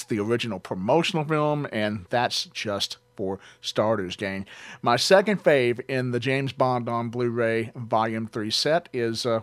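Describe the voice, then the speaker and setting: A man's voice: mid-range voice, a bit bright, dry recording. A man hosting an online radio show, giving a casual, joking review full of "uh" fillers and side tangents. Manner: rambling and joking, with many "uh" fillers. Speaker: online radio host reviewing home video releases.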